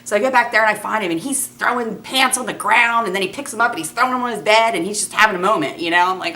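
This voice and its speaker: A woman in her thirties tells a comic story about motherhood, blunt and animated, with some swearing. She talks fast, and her voice is bright and forward. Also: mid-range voice. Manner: animated, blunt, swears freely, laughs a lot.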